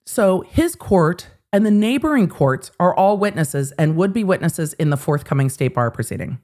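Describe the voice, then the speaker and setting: A woman's voice: on the low side, lively intonation, moderate pace, darkish tone. A woman hosting casual legal commentary in a wry, sarcastic way.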